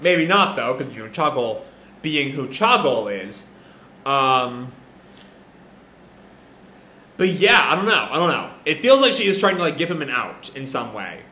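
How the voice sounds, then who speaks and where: A man's voice: medium pitch, big pitch swings, unhurried, pauses often, pushed and bright. Guy rambling through a manga reaction, stuffy sinuses, echoey room. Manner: rambling, thinks aloud with fillers. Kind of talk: casual live reading and reaction.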